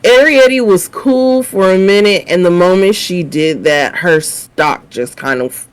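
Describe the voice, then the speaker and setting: A woman co-hosting a casual TV review chat, emphatic and opinionated, quick to agree. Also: lowish voice, smooth, poor audio. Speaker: co-host of a TV review show.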